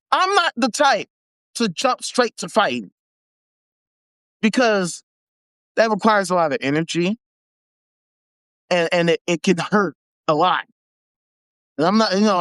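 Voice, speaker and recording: Hosting a live stream, a man from the United States launches into a slang-filled, heavily profane rant, casual and animated, repeating things for emphasis. He has a high voice with a clean tone and no room sound.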